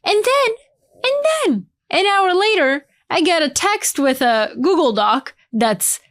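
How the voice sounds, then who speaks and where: A woman chatting casually alongside her husband, playful and quick to laugh, talking with lots of fillers and asides. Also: extremely high pitch, sing-song, a bit bright. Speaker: author's wife and editor. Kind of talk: casual chat.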